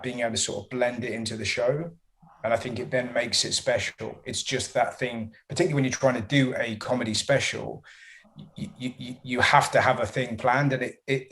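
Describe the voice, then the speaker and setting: A man, a comedian answering interview questions in a rambling, self-interrupting, chatty way. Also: medium pitch.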